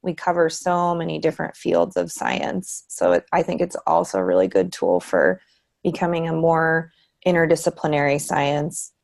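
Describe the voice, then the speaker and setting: A woman giving a relaxed online tutorial presentation, with frequent ums. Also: sits low, moderate pace, vocal fry. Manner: relaxed, many ums, light laughs. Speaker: presenter for a research committee.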